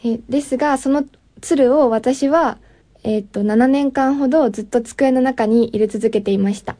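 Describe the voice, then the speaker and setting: A woman's voice: high-pitched, fast talker, dark tone. A woman in her twenties, a native Japanese speaker, telling a personal story hesitantly, with fillers. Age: 20s. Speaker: storyteller guest.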